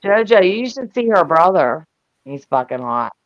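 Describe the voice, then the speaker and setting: An older woman chatting on a live stream, loud, brash and profane, laughing often. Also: lowish voice, sing-song, normal speed, no room sound. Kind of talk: casual chat. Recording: dull lo-fi sound.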